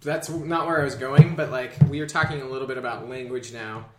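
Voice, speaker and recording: A man co-hosting a casual chat, playful and jokey, talking in quick bursts. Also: medium pitch, fairly even intonation, very noisy. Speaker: podcast co-host. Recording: roomy echoey room.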